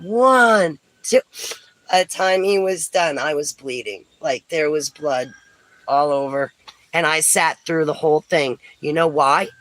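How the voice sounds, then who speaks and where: A middle-aged woman from New Jersey, telling stories in a chatty vlog, breaking into lively exclamations and laughs. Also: low-pitched, poor audio. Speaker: vlogger. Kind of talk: casual storytelling chat.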